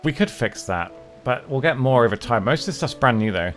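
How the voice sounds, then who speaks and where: A man's voice: medium pitch, animated, a little fast, faint music behind. A man casually talking his way through a strategy game as a streamer, chatting and muttering to himself and his characters. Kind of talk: casual gameplay commentary.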